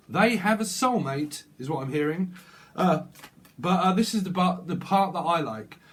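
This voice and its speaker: Rambling British man, higher-pitched voice. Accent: British English. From Britain. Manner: rambling, jokey, self-interrupting. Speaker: tarot reader. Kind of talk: solo tarot reading with channeled messages.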